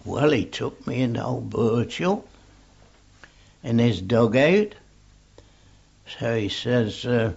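This is an older English man telling an oral history in a rambling, matter-of-fact way. His voice is gravelly and husky, and he takes his time. The recording sounds dull and lo-fi, like old tape. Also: mid-range voice, expressive, slow pace, pauses often, a little mellow. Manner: rambling, anecdotal, plainspoken. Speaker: old soldier recalling the war.

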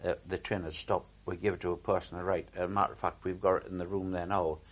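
A man's voice: deep voice, level tone, fast, breathy edge, dull audio. An older man recalling his war service in a rambling oral history, with frequent restarts and repeated words.

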